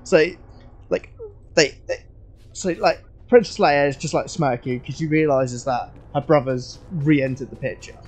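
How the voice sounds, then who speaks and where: A man streaming casually, rambling excitedly with lots of fillers and swearing as he thinks aloud. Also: mid-range voice, unhurried.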